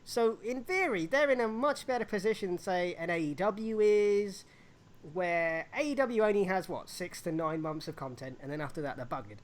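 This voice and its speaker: Animated woman on a casual live chat. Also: lowish voice, normal speed. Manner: animated, acts out little voices and laughs often. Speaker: podcast co-host.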